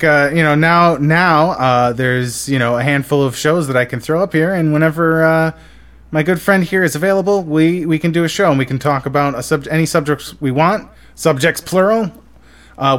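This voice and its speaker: An excitable man hosts a casual podcast, his voice sitting a little high. He rambles and circles back, leaning on lots of fillers. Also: normal speed. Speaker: podcast host.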